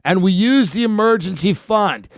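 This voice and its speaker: A man playing a broke, bitter middle-aged father and devoted fan, ranting and working himself up to shouting. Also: sits high, lively intonation, moderate pace, dry recording, studio quality. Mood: grumbling. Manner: escalating unhinged rant, shouting.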